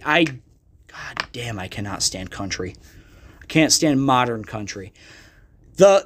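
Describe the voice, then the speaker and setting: An American man hosts his own podcast, delivering a solo rant in a slightly high, somewhat bright voice. The monologue is loose and heated, packed with profanity.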